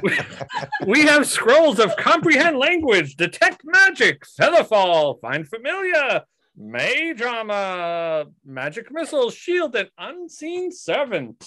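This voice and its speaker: A man's voice: extremely high pitch, wildly swooping pitch, sharp tone, pitched above the performer's own voice, heavily acted. A man voicing a pushy male scroll merchant with a put-on accent, rattling off his wares. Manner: brisk haggling sales patter.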